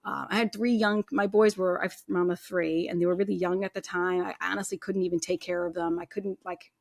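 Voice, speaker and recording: A woman's voice: lowish voice, steady tone, fairly quick, creaky, dry recording. A woman in her thirties, a podcast guest, telling her personal story in a casual, chatty way full of "like" and "you know".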